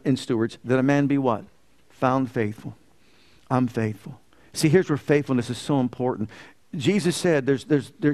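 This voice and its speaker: A man's voice: mid-range voice, darkish tone. A man preaching a sermon as pastor, asking the congregation rhetorical questions and rising in emphasis.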